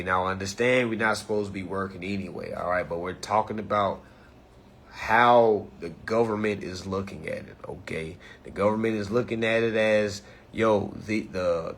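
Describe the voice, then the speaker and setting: A man speaks in with a somewhat high, husky voice. He lectures his viewers in a casual monologue. He keeps checking in with "all right?" after nearly every point. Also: a bit bright. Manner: preachy, repeats "all right?" often. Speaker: commentator.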